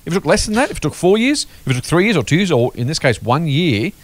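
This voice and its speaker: Fast, animated man. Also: on the high side, no room sound. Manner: animated, emphatic, quick-talking. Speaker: podcast host. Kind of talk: casual investing podcast chat.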